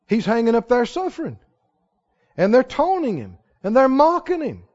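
A man preaching a sermon who swings between quiet asides and shouted exclamations, asking the congregation question after question. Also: extremely high pitch, huge pitch swings, moderate pace. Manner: fires rhetorical questions at the congregation. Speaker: pastor. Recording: dull lo-fi recording.

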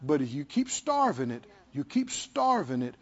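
A man's voice: on the high side, normal speed, highs cut off. A man preaching a sermon, telling stories, repeating words for emphasis and asking the congregation "Hmm?". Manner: lively storytelling, asks the congregation "Hmm?".

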